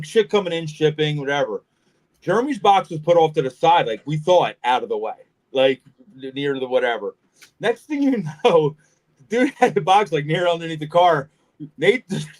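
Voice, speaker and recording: A man co-hosting a casual podcast chat, telling a funny story with lots of swearing and laughter. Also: fairly high pitch. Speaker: podcast co-host.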